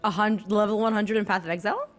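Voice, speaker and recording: A woman's voice: mid-range voice, fairly even intonation, fast, faint music behind. Chatty young woman with a sore throat. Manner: chatty, giggly, full of fillers. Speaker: streamer and guest. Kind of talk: casual chat.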